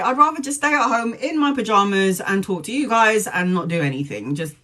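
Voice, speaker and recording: A woman's voice: mid-range voice, lively intonation, brisk, pushed and bright. Chatty laughing woman. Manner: chatty, joking, laughs often. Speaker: tarot reader livestreaming to viewers. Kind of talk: casual live-stream chat.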